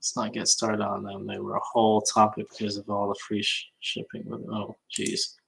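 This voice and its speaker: A man with a low, gravelly voice chats casually on a livestream. He mutters to himself as he works, and keyboard typing clicks behind him. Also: monotone, moderate pace, a bit bright, rough recording. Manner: chatty, muttering to himself while working. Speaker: reseller on a livestream hangout. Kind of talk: casual livestream chat reading comments.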